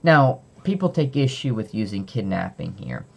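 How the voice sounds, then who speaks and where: A man's voice: fairly low pitch, very animated, normal speed, creaky, husky. A young man casually retelling a book's story off the cuff, with fillers and self-corrections. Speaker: book reviewer. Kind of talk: unscripted book summary.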